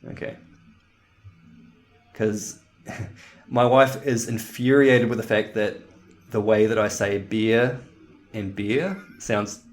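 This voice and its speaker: A man's voice: lowish voice, fairly even intonation, takes it slowly, long pauses. A man co-hosting a podcast in casual chat, rambling and laughing often. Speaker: podcast co-host.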